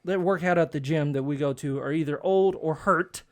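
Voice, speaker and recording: A man telling an animated story in casual chat, acting out the voices and laughing at himself. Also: a little high, brisk.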